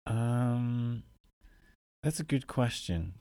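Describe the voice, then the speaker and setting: A man's voice: mid-range voice, very slow, warm tone, dry recording, clean studio sound. A young man, co-hosting a podcast in casual chat, jokey and self-deprecating, laughing often. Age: young adult. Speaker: podcast co-host and editor.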